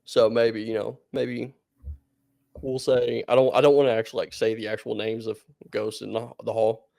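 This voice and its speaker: A male podcast co-host with a gravelly voice tells a story in a loose, meandering way. He breaks into laughter often. His voice sits close and dry. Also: mid-range voice, level tone, moderate pace, warm tone, dry recording. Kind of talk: casual podcast chat.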